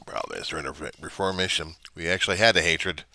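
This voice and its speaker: A man's voice: sits low, fast talker, pushed and bright, no room sound. An older man, a reverend, ranting in a rambling, indignant way and swearing often. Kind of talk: casual rant on camera.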